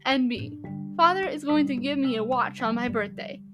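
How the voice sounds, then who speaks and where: A woman reading the part of a lively schoolboy reading his cheeky letter aloud. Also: high-pitched, normal speed, highs cut off, over music, close to an everyday voice.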